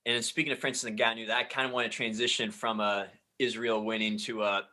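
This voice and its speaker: Bright-voiced man explaining sports news. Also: fairly low pitch, level tone, fairly quick, low-quality recording. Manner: explanatory, full of fillers like "like" and "kinda". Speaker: sports podcast co-host. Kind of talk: casual sports chat.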